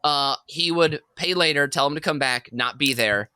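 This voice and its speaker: A man co-hosting a comedy podcast, telling a long workplace story in an animated, rambling way and laughing as he goes. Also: on the high side, normal speed, smooth, no room sound. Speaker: podcast co-host.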